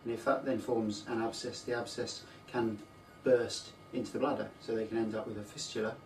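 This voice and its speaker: A man, a surgeon, calmly explaining a bowel disease in clinical detail during a teaching discussion. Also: lowish voice. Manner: measured, explanatory, technical. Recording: echoey room, distant mic, faint noise.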